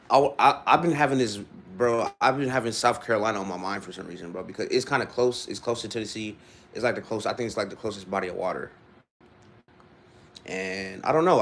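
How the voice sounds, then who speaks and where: A young man in his twenties from Ohio, rambling casually to his live-stream viewers with loose restarts. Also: mid-range voice. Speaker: livestreamer.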